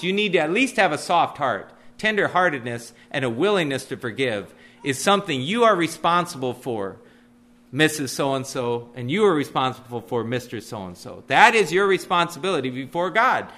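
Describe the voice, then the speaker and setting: A man giving a conversational Sunday school sermon, animated, with casual asides. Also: high voice. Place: church classroom.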